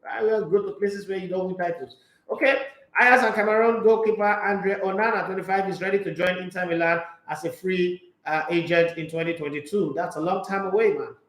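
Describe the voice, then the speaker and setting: A man hosting a solo sports talk show, reading transfer news aloud and breaking into animated, mocking rants. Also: high-pitched, brisk, reverberant, rough recording.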